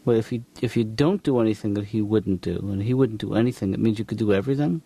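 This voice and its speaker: A man's voice: lowish voice, fast, vocal fry, husky. A man voicing a mild, hesitant middle-aged psychiatrist in a cartoon. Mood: calm. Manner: hesitant, dry, soft-spoken. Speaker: therapist.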